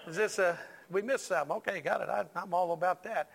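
A man's voice: high voice, a little fast, gravelly, a bit bright. A male pastor preaching a sermon in a church, joking with the congregation and stressing lines with emphatic repetition.

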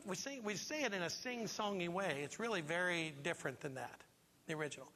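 A man preaching a sermon as pastor, telling stories with lively acted-out voices. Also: on the high side, a little fast. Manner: animated storytelling, acts out voices. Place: church. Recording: long reverb of a large hall.

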